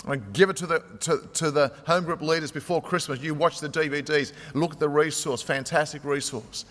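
Male pastor, fairly high voice, conversational sermon in a church with a long echo. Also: steady tone, moderate pace, fairly bright tone. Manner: conversational preaching, retells stories with quotes.

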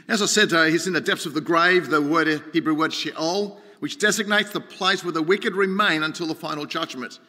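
A man's voice: on the high side, normal speed, sharp tone. A man preaching a sermon in a conversational way, often asking his listeners questions. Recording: reverberant hall.

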